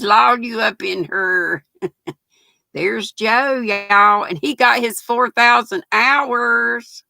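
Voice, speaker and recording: Gravelly older woman chatting. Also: a little high, bright, forceful tone, dry recording. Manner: folksy, greets viewers by name. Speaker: livestream host. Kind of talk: casual livestream chat.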